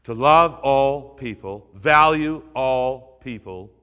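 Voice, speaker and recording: A man's voice: mid-range voice, slow, pushed and bright, smooth, long reverb tail. A male pastor preaching a sermon, earnest and urging, repeating phrases for emphasis.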